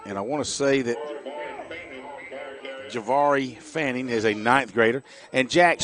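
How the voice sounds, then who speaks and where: A middle-aged man giving chatty, folksy color commentary on a high school football game for radio. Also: a bit bright. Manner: folksy, chatty, jokey asides.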